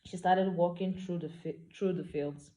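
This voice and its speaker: Woman author reading her novel aloud, low and mellow, calm. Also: moderate pace.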